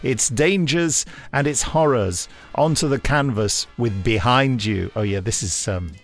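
A man's voice: medium pitch, measured pace, soft background music. A man co-hosting a podcast, reading listener emails aloud and joking as he goes. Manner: jokey, laughs as he reads. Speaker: podcast co-host.

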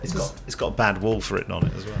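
A man's voice: on the low side, steady tone, very fast, creaky, fairly bright tone, faint music behind. A man co-hosting a podcast in casual chat, joking and laughing often. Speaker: podcast co-host.

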